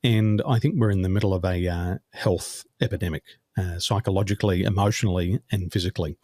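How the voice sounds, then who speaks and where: A man with an Australian accent, a business coach answering interview questions in a measured, deliberate way. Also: low-pitched, fairly even intonation, mellow, no echo. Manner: measured, deliberate delivery, speaks slowly on purpose.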